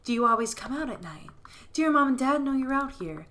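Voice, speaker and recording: A woman voicing a lonely, motherly forest witch in a game, speaking softly and gently. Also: high voice, lively intonation, fairly quick, voice pushed up. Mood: doting. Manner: soft, gentle and doting. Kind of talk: reading a game character aloud.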